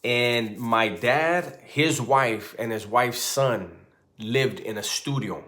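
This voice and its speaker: A man in his forties spins a casual, profane story, animated and loose, often tossing in "right?" to keep the listener with him. His voice sits at an ordinary middle pitch for a man. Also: slow pace.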